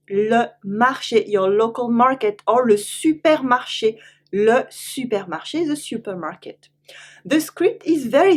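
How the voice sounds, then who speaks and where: A woman with a French accent teaching French, saying each word twice slowly and then translating it into English. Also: medium pitch. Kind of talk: online language lesson.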